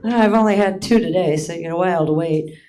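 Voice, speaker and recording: On a theater stage, a Hawaiian woman in her late fifties pokes fun at herself in a stand-up routine and frequently cracks up at her own lines. She speaks quickly in a low, dark-toned voice.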